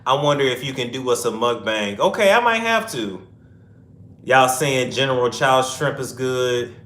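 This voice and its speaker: Chatty host in an echoey room. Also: male voice, mid-range voice, lively intonation, moderate pace, a bit bright. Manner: chatty, reads viewer comments aloud, answers in rambling asides. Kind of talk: casual livestream chat.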